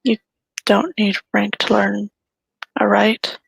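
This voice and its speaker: A woman's voice: medium pitch, flat delivery, slow pace, gravelly, slightly rough, rough recording. A woman playing a tabletop role-playing game, speaking politely and explaining in character. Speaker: tabletop role-play player.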